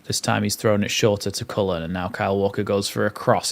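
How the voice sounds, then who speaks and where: A man's voice: on the low side, fairly even intonation, brisk, gravelly. A young man hosting a live watchalong, mixing play-by-play with chatty, rambling asides. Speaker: fan channel host.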